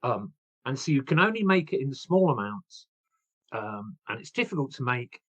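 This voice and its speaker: Lively, chatty sixty-something Englishman. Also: mid-range voice, normal speed, highs cut off. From England. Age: 60s. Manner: animated, chatty storyteller who laughs at himself. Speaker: author guest. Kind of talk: casual interview chat.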